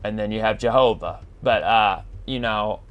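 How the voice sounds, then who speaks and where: A man's voice: lowish voice, clean tone, lo-fi sound. A man hosting a casual podcast monologue, reading definitions aloud and calling the listener man and bro. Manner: slow, drawn-out, addresses listener as man and bro. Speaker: podcast host.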